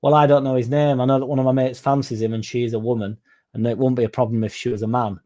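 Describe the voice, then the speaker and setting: A man's voice: mid-range voice, little pitch movement, quick pace, warm tone. A young man with a Yorkshire accent hosting a casual livestream podcast, rambling and swearing freely as he reads out chat messages. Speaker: podcast host.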